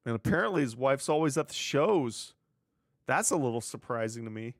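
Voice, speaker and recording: A man's voice: medium pitch, expressive, brisk, no echo, clean studio sound. A man hosting his own wrestling news show, chatting casually on his own, sarcastic and swearing freely. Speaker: wrestling news podcast host. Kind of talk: casual solo commentary.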